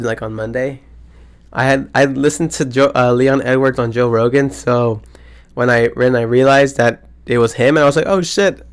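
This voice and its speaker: Excitable slangy young male podcaster. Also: medium pitch. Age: around 20. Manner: excitable, slangy, swears a lot, rambling. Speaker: podcast host. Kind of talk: casual solo podcast chat.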